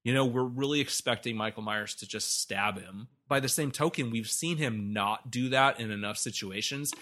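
A man's voice: mid-range voice, normal speed, sharp tone. A man co-hosting a podcast, talking animatedly about a movie, laughing often and swearing freely. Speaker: podcast co-host. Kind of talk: casual film discussion.

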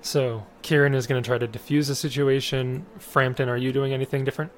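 A man running a tabletop game as game master, explaining rules and narrating calmly. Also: medium pitch, brisk. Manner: matter-of-fact, explains rules.

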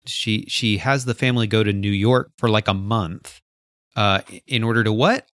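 Low-voiced man retelling a story. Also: normal speed, dry recording, studio quality. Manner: animated storyteller, acts out quotes. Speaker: podcast co-host. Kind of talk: casual book discussion.

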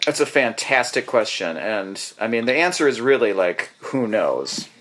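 A man's voice: mid-range voice, very animated, moderate pace, fairly bright tone. A man co-hosting a casual podcast, rambling and joking with lots of fillers and restarts. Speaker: podcast co-host.

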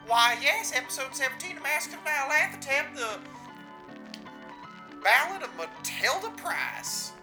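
A man playing a cheery showman in a put-on accent, high and bouncy, feigning innocence. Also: big pitch swings, moderate pace, few pauses, over music, poor audio. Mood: chirpy.

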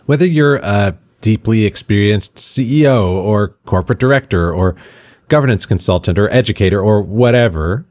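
A middle-aged man hosts a podcast in a casual scripted monologue. His voice sits very low, and he drops wry, sarcastic asides as he goes. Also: animated, moderate pace, darkish tone. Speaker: podcast host.

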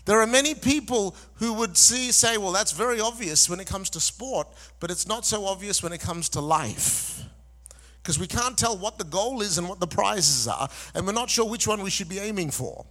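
A man's voice: high-pitched, expressive, moderate pace, bright, forceful tone. A man preaching a sermon to a congregation, reading scripture and breaking into chatty asides, calling on listeners to answer back. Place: large church hall before a congregation. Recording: long reverb in a large hall.

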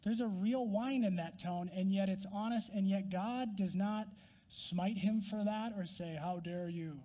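A man's voice: high-pitched, measured pace, mellow, in a large hall. A man preaching a sermon, emphatic and honest, acting out Job's complaints to God with rising intensity and dropping to whispers. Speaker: pastor.

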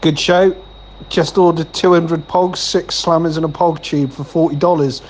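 A man's voice: a little high, steady tone, normal speed. A man in improvised comic chat, swearing and sounding mock-outraged.

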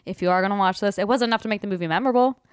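A woman's voice: medium pitch, racing, smooth, no echo, studio quality. A young woman co-hosting a podcast, giving a blunt, sarcastic movie review in casual chat. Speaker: podcast co-host.

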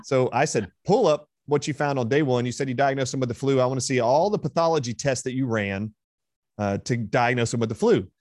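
A man's voice: medium pitch, a little fast, a little mellow, dry recording, clean studio sound. A man being interviewed as a guest, retelling a heated exchange with force and emphasis. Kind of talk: interview storytelling.

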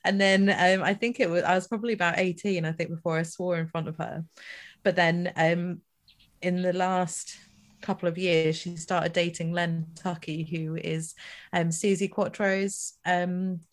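A middle-aged woman chatting casually, telling animated anecdotes with laughter and swearing. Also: on the low side, moderate pace. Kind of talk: casual storytelling chat.

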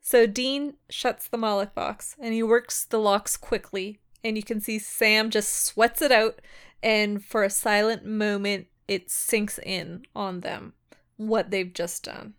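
A woman's voice: medium pitch, slow pace, clear, resonant tone. A woman chatting casually about a TV episode, retelling scenes and acting out characters' lines with lots of swearing. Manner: animated, swears freely, acts out characters' lines. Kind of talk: casual TV recap chat.

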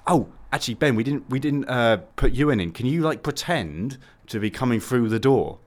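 A man hosting a radio show, with a lively voice that swings up and down as he jokes with his team. He is playful and teasing and a little bossy as he gives orders. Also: mid-range voice, normal speed. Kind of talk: casual studio banter.

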